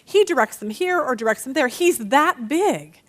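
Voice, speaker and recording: A woman teaching a Bible study lesson, talking to her listeners in an animated way and acting out the quotes she reads. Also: high-pitched, moderate pace. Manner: animated teaching with dramatic read-aloud voices.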